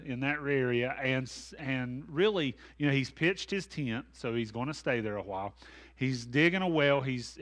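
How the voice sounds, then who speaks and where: A man's voice: on the high side, fairly bright tone. Male pastor, conversational Bible study teacher who is self-deprecating and full of asides. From American South.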